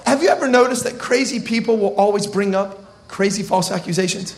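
High-voiced animated male preacher. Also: fairly quick, a crowd in the background. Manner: animated, humorous storytelling with slang. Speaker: pastor. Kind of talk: sermon.

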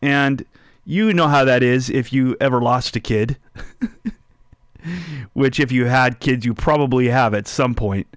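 A man preaches a relaxed sermon at a slow, unhurried pace, speaking to listeners as if chatting with them. He often asks them questions and turns quiet and slow on his main points. The sound is dry and close, with no room echo. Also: mid-range voice. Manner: drops soft and slow on key phrases. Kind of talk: sermon with personal story.

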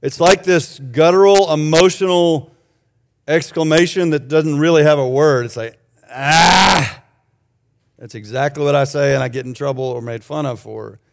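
A man's voice: on the high side, moderate pace, a little mellow. A man preaching a sermon in a conversational way, explaining a passage verse by verse with joking asides to the congregation. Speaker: pastor.

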